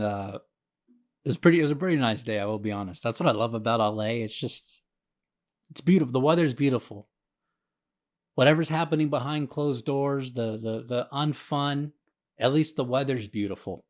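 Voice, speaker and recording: A man hosting a podcast who tells a story in a rambling, profane, self-mocking way. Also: mid-range voice. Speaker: podcast host. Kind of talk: casual storytelling monologue.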